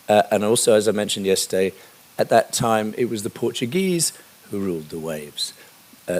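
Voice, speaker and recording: Conversational low-voiced man giving a history lecture. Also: darkish tone. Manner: conversational, with frequent fillers and asides.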